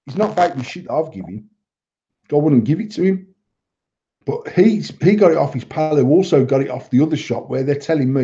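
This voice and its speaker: A man's voice: a little high, expressive, moderate pace, dark tone. A middle-aged man, co-hosting a podcast in blunt, sweary, rambling banter. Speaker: podcast co-host, vape shop owner. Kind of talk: casual banter. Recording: dull lo-fi sound.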